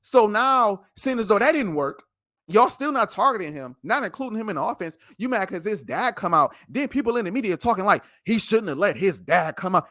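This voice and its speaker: A man's voice: sits high, animated, normal speed, sharp tone, dry recording, clean studio sound. A man co-hosting a sports podcast, ranting passionately and repeating himself for emphasis in a heated debate.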